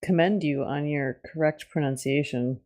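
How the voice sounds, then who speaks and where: A woman chats on a podcast panel, easygoing and quick to laugh. Her voice sits low for a woman. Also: warm tone. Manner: chatty, laughs easily. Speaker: podcast co-host. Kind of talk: casual podcast chat.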